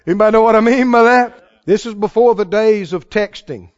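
A man's voice: high voice, brisk, dull audio. A male preacher delivering a fervent sermon, calling out to the congregation and stressing his points.

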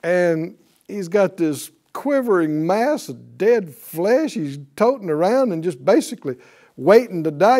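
A man teaching a Bible class in a fervent preaching style, breaking into hallelujahs and quick laughs. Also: high voice, dark tone.

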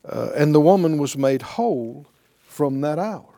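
Male pastor mid-sermon, emphatic and questioning, fairly high voice with a warm, dark tone. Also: animated, measured pace. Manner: emphatic preaching with rhetorical questions.

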